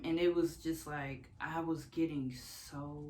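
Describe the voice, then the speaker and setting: A woman's voice: low-pitched, fairly even intonation, slow pace, dark tone, a little hiss or hum. A young woman from the United States telling her own story in a casual, candid vlog, swearing freely and laughing often. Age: young adult.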